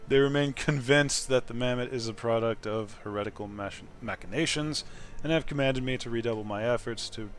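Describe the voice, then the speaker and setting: A man's voice: mid-range voice, normal speed, faint music behind, close to an everyday voice. A man voicing a stiff, wordy priestly official in a game, reading his lines in a formal, long-winded way. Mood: aggrieved.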